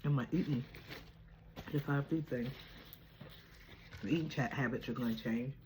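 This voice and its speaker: A woman's voice: very deep voice, moderate pace, a little mellow, slight background noise. A woman hosting a casual home video chat, playful and chatty, often laughing. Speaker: vlogger host. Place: at home indoors. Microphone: camera.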